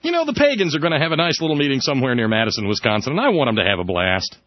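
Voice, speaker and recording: A man's voice: sing-song, racing, no echo. Sarcastic male talk radio host. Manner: sarcastic, jumps into high mocking tones. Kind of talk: satirical talk radio monologue. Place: radio studio. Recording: dull dry radio broadcast.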